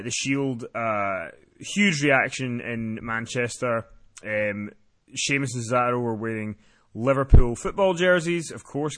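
A man with a mid-pitched, everyday voice hosts a wrestling podcast. He recaps events quickly and loosely, with plenty of "um"s and offhand swearing, and keeps the tone conversational. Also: fairly bright tone. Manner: quick, rambling recap with fillers and casual swearing. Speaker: podcast host.

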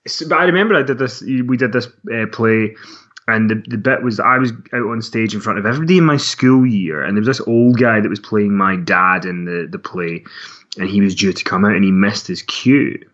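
Husky man chatting, lo-fi. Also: on the low side, a little fast, a bit bright. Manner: rambling, self-mocking, laughs often. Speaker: wrestling podcast co-host. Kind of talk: casual chat. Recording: dull lo-fi sound.

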